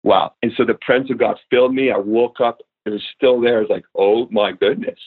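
A man's voice: medium pitch, steady tone, fast talker, breathy edge. A man in his thirties, a guest minister on a podcast, telling a story earnestly with lots of fillers. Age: 30s. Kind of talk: podcast interview, spoken prayer. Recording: tinny phone-like remote line.

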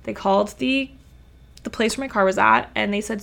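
Woman vlogger rambling through a storytime, super gravelly fry, says like a lot. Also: mid-range voice, normal speed, a bit bright. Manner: chatty, uses "like" a lot. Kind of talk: casual storytime vlog.

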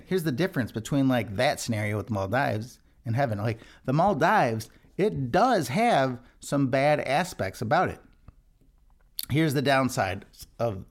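A man who leads worship, hosting a devotional podcast in an earnest, conversational way, often restarting his sentences. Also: mid-range voice. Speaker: worship leader, podcast host.

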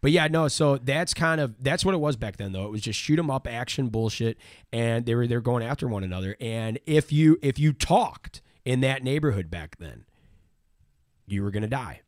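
A man's voice: medium pitch, expressive, normal speed, no echo, studio quality. A man casually retelling a crime story on a podcast, rambling, repeating words and swearing freely.

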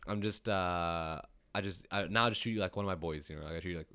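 Fast-talking young man, low voice. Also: bright, forceful tone, clear, resonant tone, no echo. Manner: rapid, teasing, blunt. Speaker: podcast co-host. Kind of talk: casual chat.

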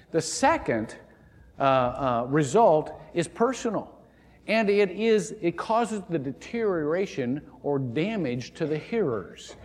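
Animated preaching man in a church hall. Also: fairly high pitch, breathy edge. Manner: animated preaching, frequent restarts and stammers. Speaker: pastor. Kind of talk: sermon. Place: church sanctuary.

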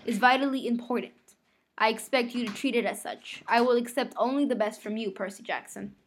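A stern, demanding male schoolteacher with a formal, measured delivery, as a woman reading aloud puts him on. The voice sits a little high and speaks with careful, precise authority, as in a storybook read-aloud. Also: a little hiss or hum, close to an everyday voice. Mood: earnest. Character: stern, exacting middle-aged male teacher.

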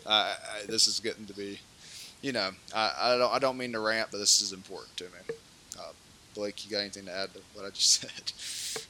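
A man's voice: on the low side, steady tone, brisk, pushed and bright, slight background noise. A man co-hosting a political podcast, ranting heatedly with many repeats and restarts. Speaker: podcast co-host.

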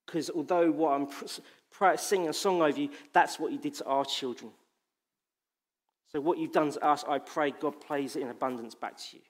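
A man's voice: fairly high pitch, normal speed. A man preaching a sermon in an impassioned, emphatic way, repeating phrases for weight.

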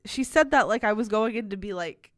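A woman's voice: medium pitch, brisk, a bit bright, no room sound, clean studio sound. A young woman co-hosting a podcast, chatting casually and rambling, with frequent laughs. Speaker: podcast co-host. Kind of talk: casual chat.

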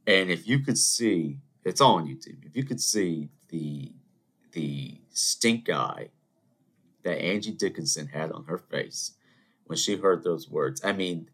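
A man hosting a solo podcast, telling rambling anecdotes in an animated, conversational way. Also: sits low, measured pace. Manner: animated storytelling, rambling asides, mock voices. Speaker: podcast host. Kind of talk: solo ranting monologue.

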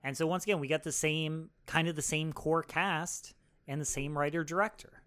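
A man's voice: fairly high pitch, fairly even intonation, moderate pace, a bit bright, clear, resonant tone. A man co-hosting a podcast, talking casually about a film and speaking directly to listeners. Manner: upbeat, addresses listeners directly. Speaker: podcast co-host. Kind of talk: casual film review chat.

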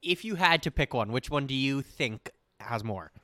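A man's voice: medium pitch, expressive, normal speed, bright, forceful tone. A man in his twenties co-hosting a podcast, giggly and swearing a lot through casual banter on a close mic. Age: 20s. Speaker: podcast co-host.

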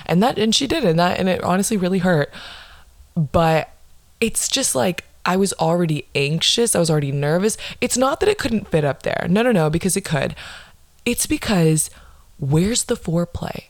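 A woman's voice: on the low side, lively intonation, moderate pace, dry recording. A young woman hosting a podcast, telling a story in a blunt, exasperated way and swearing constantly. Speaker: podcast host. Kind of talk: profane comedic storytelling monologue.

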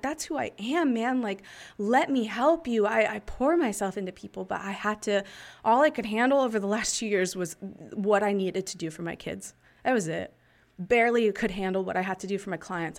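Brief: woman, thirties, podcast host and coach, candid and profane, laughs often, medium pitch. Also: creaky. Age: 30s. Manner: candid and frequently swearing, laughing between thoughts; slows to a calm guiding tone for breathing exercises. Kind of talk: casual confessional podcast talk.

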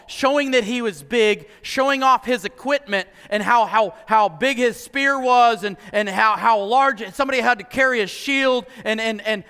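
A male pastor preaching a sermon in an animated way, acting out quotes and repeating words as he restarts. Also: very high-pitched, clean tone, long reverb tail.

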